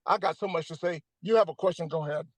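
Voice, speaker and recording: An older man talks on a video call, joking and emphatic, with a preacher-like rhythm. His voice sits high for a man, and the sound is close and dry. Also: quick pace, no echo, rough recording. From Atlanta, United States. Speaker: comedian guest. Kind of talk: animated comedic chat.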